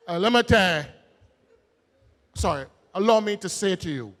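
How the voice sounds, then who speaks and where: A man with a Barbadian accent giving a political rally speech, folksy and joking, then building to shouted emphasis. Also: high voice, moderate pace, pauses often. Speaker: political speaker. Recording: long hall reverb.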